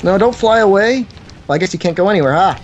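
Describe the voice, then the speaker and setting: A man's voice: high voice, animated, fast talker, dull audio, slight background noise. A man playing a co-op game with friends in casual chat, playful and laid-back. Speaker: co-op game partner.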